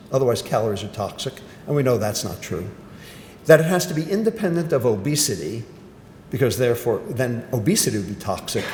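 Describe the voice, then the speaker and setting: An older man giving a medical lecture, emphatic and punchy, often asking and then answering his own questions. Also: darkish tone. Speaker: physician giving a grand rounds lecture. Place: lecture hall. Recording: roomy hall echo with faint rumble.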